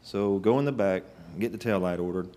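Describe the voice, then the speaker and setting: A man's voice: on the low side, fairly quick, mellow. A man preaching a sermon, telling stories in a folksy, emphatic way with rising bursts. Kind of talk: sermon with storytelling.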